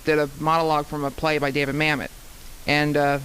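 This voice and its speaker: Bright-voiced young man rambling. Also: on the high side, little pitch movement, brisk, a little hiss or hum, poor audio. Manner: rambling, many restarts. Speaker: student actor. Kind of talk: casual interview.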